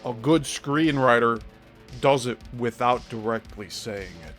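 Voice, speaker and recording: A man's voice: mid-range voice, measured pace, a bit bright, soft background music. A male host giving critical commentary on a played clip, explaining his points step by step.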